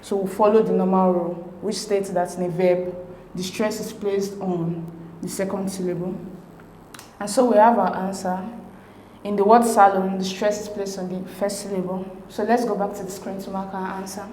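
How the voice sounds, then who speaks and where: A woman's voice: mid-range voice, flat delivery, a little mellow. Methodical woman tutor, roomy echo. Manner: measured, methodical reading of options. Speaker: exam tutor. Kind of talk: explaining exam answers. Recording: roomy echo with faint hiss.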